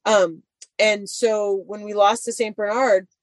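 A woman's voice: medium pitch, flat delivery, unhurried, no room sound. A woman chatting casually and telling a long story about her dogs, full of "like" fillers. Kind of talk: casual chat.

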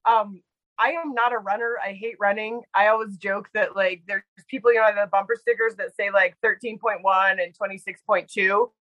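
A woman guest telling casual stories in an animated way, full of quoted dialogue and fillers. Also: medium pitch, moderate pace, no room sound, rough recording. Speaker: guest storyteller. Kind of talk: casual storytelling.

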